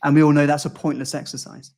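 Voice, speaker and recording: A man's voice: a little high, little pitch movement, fast, a little mellow. A man from the UK, a public speaking coach, talking in a podcast interview, speaking fluently and acting out quoted lines. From United Kingdom.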